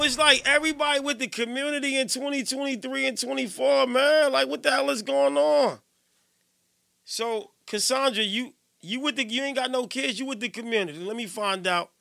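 A man hosting a live radio show in casual chat, playful and teasing, giving hyped shout-outs. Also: extremely high pitch, gravelly.

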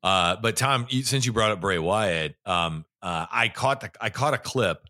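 A man's voice: on the low side, expressive, moderate pace, bright, forceful tone. A man co-hosting a casual podcast, talking hesitantly with many fillers. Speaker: podcast co-host. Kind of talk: casual wrestling chat.

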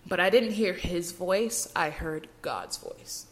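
A woman's voice: lowish voice, takes it slowly. A young woman hosting a podcast, telling her personal faith testimony in an earnest, emotional way with frequent restarts. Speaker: podcast host.

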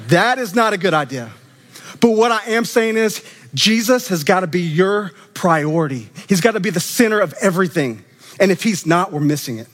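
A man preaching an animated, conversational sermon as a student minister, acting out quoted voices. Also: high-pitched, moderate pace. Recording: long reverb of a church hall.

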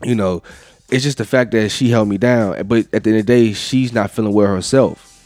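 A man's voice: on the low side, brisk, darkish tone, no echo, soft background music. A middle-aged man co-hosting a podcast, telling a long casual story full of fillers and profanity. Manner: loose, rambling storyteller with frequent profanity and fillers. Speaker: podcast co-host.

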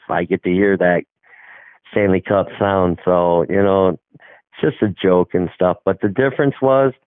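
A man's voice: fairly low pitch, no room sound. A middle-aged man, a hockey coach, telling a rambling story in casual talk and acting out the dialogue. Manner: rambling, acts out quoted dialogue. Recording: tinny phone-like line, dry.

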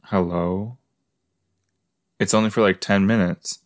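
Slow-talking man, rambling host. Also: deep voice, steady tone, dry recording, clean studio sound. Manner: rambling, chatty, talks to absent listeners. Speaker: podcast host. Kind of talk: casual watch-along commentary.

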